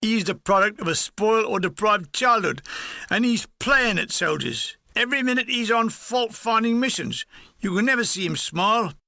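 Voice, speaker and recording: A man's voice: high-pitched, lively intonation, moderate pace, gravelly, pushed and bright, dry recording, studio quality, heavily acted. A man voicing a fed-up young army gunner who grumbles about his officer. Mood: griping.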